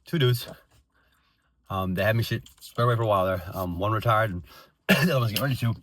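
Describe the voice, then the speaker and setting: A man's voice: on the low side, fast, a bit bright, slight background noise. A man in his thirties ranting bitterly in a profane, rambling way with many restarts. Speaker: veteran vlogger. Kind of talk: angry unscripted rant.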